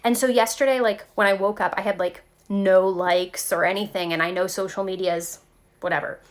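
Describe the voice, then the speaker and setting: A woman talking casually to her viewers about spiritual growth, animated and chatty, often saying "like" and "okay". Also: mid-range voice, brisk. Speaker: spiritual tarot vlogger.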